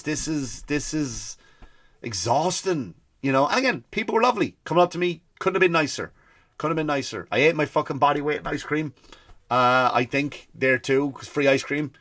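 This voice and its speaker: A man with an Irish accent, a comedian hosting his podcast, telling stories in an animated comic rant and acting out the people he quotes. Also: on the high side. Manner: animated storytelling, acts out quoted people, swears freely.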